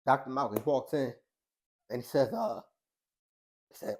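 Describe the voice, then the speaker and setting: Gravelly and very animated, his mid-range voice carries a personal story told in a podcast interview. He's a middle-aged boxing coach and social worker who talks plainly and earnestly, often restarting sentences, reenacting conversations in quoted dialogue, and lowering his voice to a hush.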